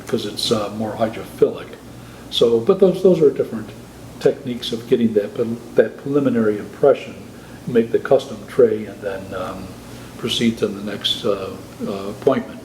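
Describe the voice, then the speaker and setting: Older man, thoughtful and halting. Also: mid-range voice, darkish tone. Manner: thoughtful, halting, with many restarts. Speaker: guest prosthodontist. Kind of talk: conversational interview. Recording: roomy echo with faint hiss.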